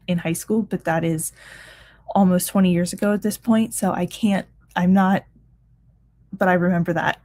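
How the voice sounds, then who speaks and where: A woman's voice: mid-range voice, darkish tone. A woman in her thirties hosting a reading livestream, chatting casually and reading out comments, tired and full of ums and restarts. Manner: chatty, many ums and restarts, laughs often. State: tired, yawning. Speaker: reading sprint livestream host.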